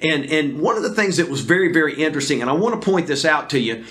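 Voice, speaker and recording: Earnest preacher with a fairly high voice. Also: male voice, lively intonation, fairly bright tone. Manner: earnest, deliberate, frequent fillers and restarts. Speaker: pastor. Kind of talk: sermon on video. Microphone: camera recording.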